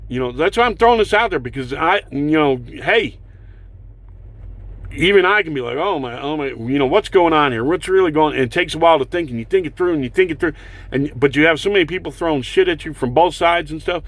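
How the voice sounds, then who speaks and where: A man with a somewhat high voice rants hard, cursing and throwing out sarcastic whoops. His questions come in heated bursts. The recording is dry and close, with little room sound. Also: expressive, a little fast, fairly bright tone, dry recording. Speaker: political vlogger. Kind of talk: angry ranting monologue.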